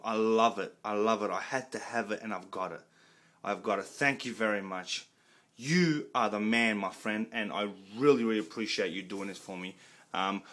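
Aussie bloke, lowish forceful voice, hyped home unboxing, swears a lot. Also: male voice. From Australia. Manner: excitable, loud and swearing, repeats himself. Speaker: collector showing off a box set. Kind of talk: excited unboxing vlog. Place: room at home.

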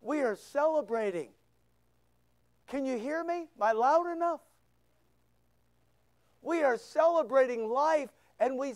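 A man preaching a sermon as pastor, full of rhetorical questions, swinging between loud bursts and hushed asides. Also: extremely high pitch, no echo. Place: church.

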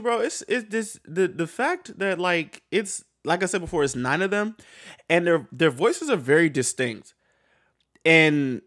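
Excitable stammering man with lively pitch. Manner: excitable, stammering repeats, swears a lot, breaks into laughter; talks to viewers while reacting to songs. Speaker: music reaction YouTuber. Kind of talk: casual album reaction vlog.

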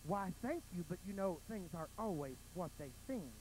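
Casting: male performer as a dainty, fretful drag queen, shrill and very high. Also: expressive, moderate pace, darkish tone, slight background noise, low-quality recording. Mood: coy. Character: dainty young drag queen, fussy and easily frightened.

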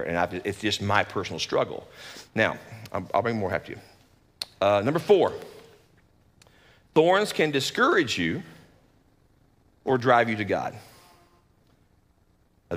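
A man, a lead pastor, giving a conversational sermon in an animated, folksy way with joking asides. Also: mid-range voice, in a large hall.

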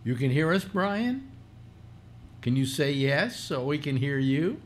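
A man's voice: mid-range voice, normal speed, slight background noise. A man hosting a casual live talk stream, rambling with many restarts and fillers. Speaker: host. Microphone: computer mic through speakers.

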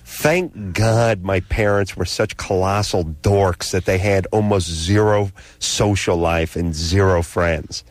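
A man's voice: low-pitched, slow pace, hardly any pauses, no echo. A man co-hosting a talk radio show, telling a comic story in a sarcastic, ranting way. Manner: sarcastic, ranting, animated delivery. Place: radio studio.

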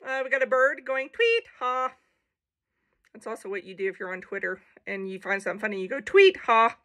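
A woman's voice: fairly high pitch, very animated, brisk, bright, forceful tone. A woman casually reading a children's picture book aloud, playful, with jokey asides and animal noises.

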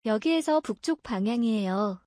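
Brisk, high-voiced woman reading translations. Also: animated, a little mellow, dry recording, studio quality. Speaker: Korean translation reader. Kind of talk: reading phrase translations for a lesson.

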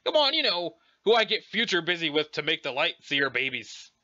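A brash, teasing teenage girl played by a man reading a webcomic aloud who talks in loose slang and keeps prodding for answers. Her voice sits high and swings widely in pitch with a bright, forceful edge, through a dull, lo-fi recording. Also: sing-song, brisk, no room sound. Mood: teasing, pushy.

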